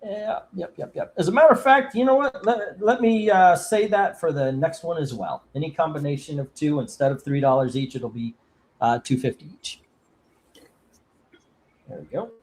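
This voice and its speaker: A man hosts a live comic book auction, talking in a casual, excitable way as he pitches deals. His voice sits a little high. He moves quickly from chatter to bargains. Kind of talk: casual live-stream selling chat.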